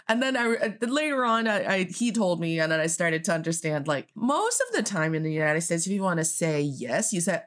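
A woman with a Chinese accent chats on a podcast in a fairly low voice. She talks in an animated way, laughing often and imitating sounds as she explains them. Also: fast, hardly any pauses. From China. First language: Mandarin Chinese. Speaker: podcast co-host. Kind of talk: casual chat.

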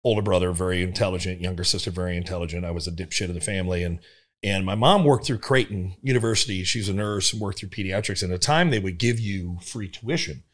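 A man, a comedian and former cop, telling stories in a casual chat, animated and laughing through them. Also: low-pitched, quick pace. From Omaha area of Nebraska. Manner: animated, laughing through his own stories, jumping into big voices for quotes.

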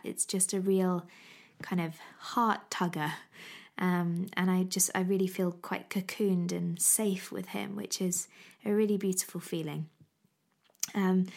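A woman's voice: mid-range voice, creaky, darkish tone. A young woman hosting a podcast in a casual, chatty way, gushing and often repeating herself. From England. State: pregnant. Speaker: podcast host. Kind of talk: casual chat.

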